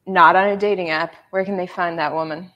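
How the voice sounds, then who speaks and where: A woman's voice: lowish voice, steady tone, a little fast, fairly bright tone. Blunt joking woman hosting a livestream. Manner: blunt, joking, laughs often. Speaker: host. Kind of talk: casual livestream chat.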